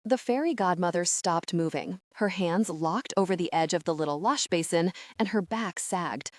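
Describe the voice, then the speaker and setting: Low-voiced woman narrating an audiobook. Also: moderate pace, no room sound, clean studio sound. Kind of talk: scripted narration.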